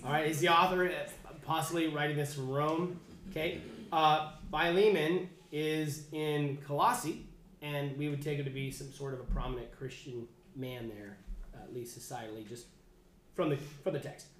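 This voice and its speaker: A man with a fairly high voice leads a casual Bible class, chatty and loose, often stopping to restart a sentence. He sounds like he is in an echoey room, with faint noise underneath. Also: fairly even intonation, normal speed, a bit bright. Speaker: Bible study teacher.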